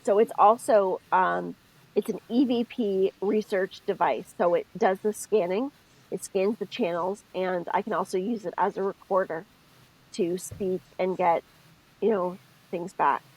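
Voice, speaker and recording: Woman co-host with a gravelly rasp, expressive, thinks aloud in casual spiritual chat. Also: mid-range voice, a little slow, low-quality recording. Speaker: podcast co-host.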